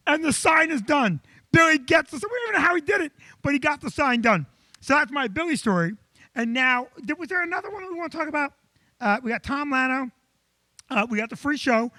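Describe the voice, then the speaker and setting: A male comedian hosting a live show from a comedy club, telling stories in an animated, chatty way. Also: very high voice, normal speed, no room sound.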